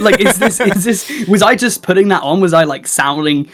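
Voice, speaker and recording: A man's voice: high-pitched, expressive, moderate pace, faint music behind. An English man with a southern English accent, a podcast co-host chatting casually and laughing at himself about sounding posh. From England. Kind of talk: casual chat.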